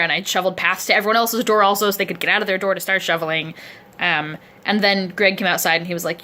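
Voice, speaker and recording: A woman talks into a camera held close while she sits propped up in a chair at a friend's place. Her voice is bright and sits a little low, and she rambles in a chatty, self-deprecating way. She sounds sore and aching. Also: fairly even intonation, fast. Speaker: vlogger. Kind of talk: casual video diary. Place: indoors at a friend's home, seated in a chair. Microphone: camera close to the face.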